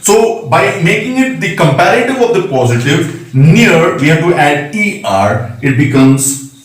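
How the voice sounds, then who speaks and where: A man's voice: fairly high pitch, very animated, a little slow. A man teaching a recorded grammar lesson, patiently spelling out letters and checking in with "right?". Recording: echoey room, mic at a distance.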